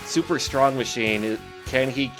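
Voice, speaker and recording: A man from Minnesota chatting casually with friends while playing a wrestling game, relaxed and full of fillers. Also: mid-range voice, a little slow, over music.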